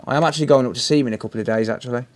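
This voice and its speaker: A man's voice: medium pitch, very fast, a little mellow. Chatty British man on a repair stream. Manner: chatty, answers viewer messages while working, says "mate" often. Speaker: repair livestream host. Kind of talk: casual live stream chat.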